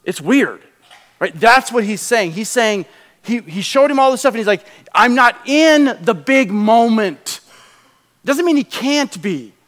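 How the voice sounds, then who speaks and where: Animated preacher man in a reverberant hall. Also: high-pitched, moderate pace. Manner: animated, conversational preaching that drops to a hushed prayer. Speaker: pastor. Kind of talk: sermon. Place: church sanctuary.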